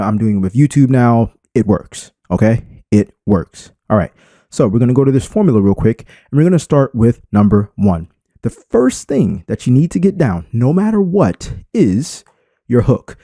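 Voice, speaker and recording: A man talks through an unscripted tutorial, and his pitch keeps leaping up and dropping back as he punches his points. His voice is mellow and warm, and it sits dry and close with no room around it. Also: no echo. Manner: unscripted, emphatic, swings inflection for effect. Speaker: YouTube creator. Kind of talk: screen-recorded tutorial talk.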